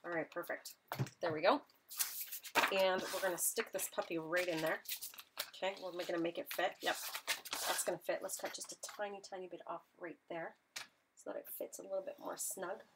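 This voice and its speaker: Woman craft instructor, lowish voice, casual and self-deprecating, live stream with steady noise behind. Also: brisk, pauses often. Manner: chatty, self-deprecating, talks to viewers while working. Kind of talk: live online craft demonstration.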